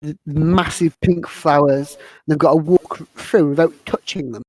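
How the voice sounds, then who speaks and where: A woman's voice: low-pitched, steady tone, a little slow, dry recording, low-quality recording. A woman hosting a casual podcast, rambling through a film recap and stumbling over her words. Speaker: podcast host.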